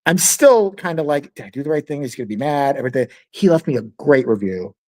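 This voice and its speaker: Animated man telling a funny story. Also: mid-range voice, fast. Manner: animated, laughing often, acting out other people's lines. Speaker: podcast co-host. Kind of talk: casual storytelling chat.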